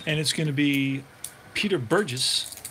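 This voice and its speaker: A man narrates a tabletop baseball game like a radio announcer, calling each roll and play in a relaxed, chatty manner. His voice sits a little higher than most men's. A faint hiss of noise runs under the recording. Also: measured pace. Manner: relaxed, chatty, thinks aloud while looking things up.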